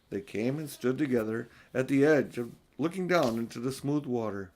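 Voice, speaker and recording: An older man narrating a children's audiobook in a gentle, expressive, grandfatherly way. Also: mid-range voice, moderate pace, few pauses. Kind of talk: storybook narration.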